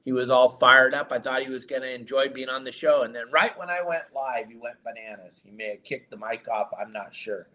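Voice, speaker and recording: A man hosting a live fishing show, chatty and excitable, greeting viewers loudly. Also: medium pitch, fairly quick, few pauses. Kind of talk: casual live-stream chat.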